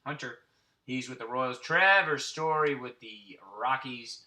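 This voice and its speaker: A man's voice: medium pitch, a little slow, pushed and bright. A man around forty hosting a card break, casually naming baseball cards and telling rambling, profane stories. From Central Florida. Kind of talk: casual card-opening chat.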